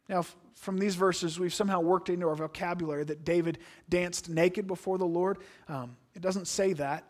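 A man preaching a sermon, reading scripture aloud and then explaining it earnestly, sometimes dropping to a hushed aside. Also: sits high, fairly even intonation, moderate pace, hardly any pauses.

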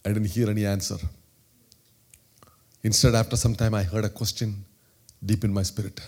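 A man from southern India with an Indian accent, preaching a sermon and telling a personal story, swinging between loud, animated exclamations and hushed, quiet storytelling. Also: lowish voice, normal speed, slightly rough. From Kerala, southern India.

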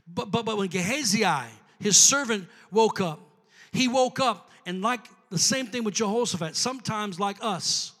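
A male pastor preaches a sermon in a church sanctuary, building toward fervent call-and-response with the congregation. His voice sits high, with a moderate pace and fairly bright tone. Long hall reverb colors the recording.

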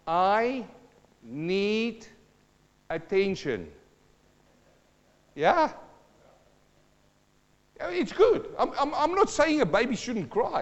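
Lively high-voiced preacher in a reverberant hall. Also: male voice, highs cut off. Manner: dramatic, acts out sounds and voices, asks the congregation questions. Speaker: pastor. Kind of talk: sermon.

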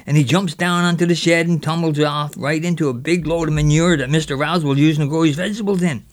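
A man's voice: fairly high pitch, fast, lightly acted. A man doing a cheeky boy. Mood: boastful. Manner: lively yarn-spinning with local dialect. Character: mischievous boy telling a raiding tale. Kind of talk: character storytelling.

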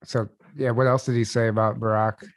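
A man's voice: on the low side, little pitch movement, a little fast, dry recording. A man hosting a casual interview, asking questions and thinking aloud with hesitations. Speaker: host.

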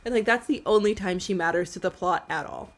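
A woman co-hosts a podcast, chatting casually and laughing frequently. Her voice is mid-range and brisk, with a little background noise audible.

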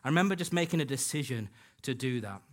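A man's voice: medium pitch, expressive, quick pace, fairly bright tone. Man preaching an earnest story. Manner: earnest storytelling, acts out quoted dialogue. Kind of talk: sermon with personal stories. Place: church hall.

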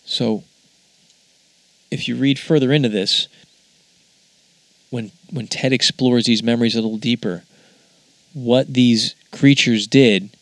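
A man's voice: medium pitch, dry recording. A man hosting a casual spoken monologue, musing in a conversational way that wanders off track now and then. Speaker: podcast host.

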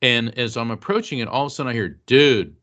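A man's voice: medium pitch, quick pace, fairly bright tone. A man, a psychic medium and author, telling a personal story as an interview guest, earnest and emotional, acting out the lines of people in his story. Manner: earnest, emotional storyteller who acts out quotes.

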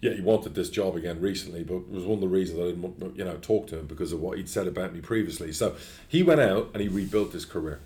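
A middle-aged man, a football club chairman, chatting casually in an interview, blunt and animated, swearing freely as he tells stories. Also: low-pitched, quick pace.

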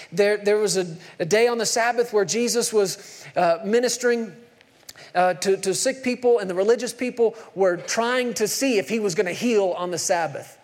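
Casting note: high-pitched male preacher, lively storyteller who acts out every quote. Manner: animated storytelling, acting out quotes. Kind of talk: sermon.

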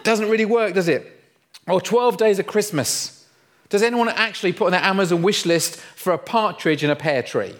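A man's voice: high voice, normal speed. A middle-aged man, preaching a humorous sermon in a playful, self-mocking storytelling way. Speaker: pastor.

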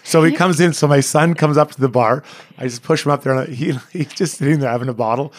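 Fast-talking, self-deprecating Canadian man. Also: on the high side, no room sound. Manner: chatty, self-deprecating, animated when retelling stories. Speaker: former hockey player, guest. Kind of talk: casual interview storytelling.

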